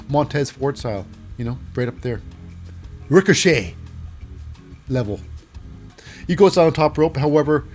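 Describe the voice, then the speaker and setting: A man's voice: on the high side, a little mellow. A man hosting a casual wrestling recap, rambling along with many fillers and restarts. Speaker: host.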